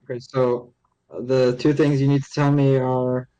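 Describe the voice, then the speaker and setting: Male podcast co-host, flat even voice, hesitant. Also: medium pitch, normal speed, clear, resonant tone, lo-fi sound. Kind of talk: casual sports podcast chat.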